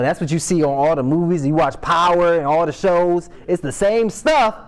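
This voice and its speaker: Bible class teacher, male, slightly high voice, loose slangy delivery that reads a verse and then comments on it. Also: a little mellow. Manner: slangy and conversational, reads scripture aloud and riffs on it. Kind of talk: casual Bible study teaching. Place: Sabbath class meeting room.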